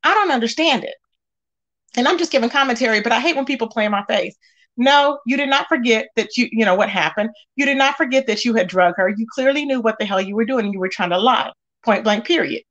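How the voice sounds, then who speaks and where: A woman's voice: fairly high pitch, fast, lo-fi sound. Chatty woman reading out gossip receipts. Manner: animated, talks straight to viewers with many fillers. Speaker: commentary channel host. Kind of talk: casual gossip commentary.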